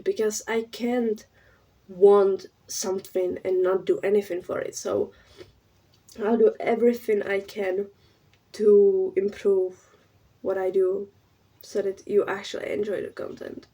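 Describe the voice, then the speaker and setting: Young female vlogger, soft breathy tone, earnest and halting, slightly off-mic. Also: mid-range voice, level tone, far from the mic, poor audio. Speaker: YouTuber. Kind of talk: personal to-camera vlog.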